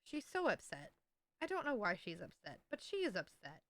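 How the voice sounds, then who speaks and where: Bright, chatty woman streamer. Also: mid-range voice, wildly swooping pitch, normal speed, no echo. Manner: rambling, playful, self-mocking. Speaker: livestreamer. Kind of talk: casual stream chat.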